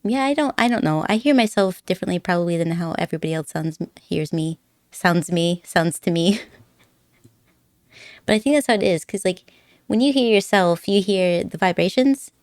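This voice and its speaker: A woman's voice: fairly low pitch, normal speed, darkish tone, no echo, studio quality. A young woman streaming from home at a desk mic, chatting casually with viewers in a giggly, rambling way and sounding a little nervous. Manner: giggly, chatty, rambling, puts on silly accents. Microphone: desk microphone.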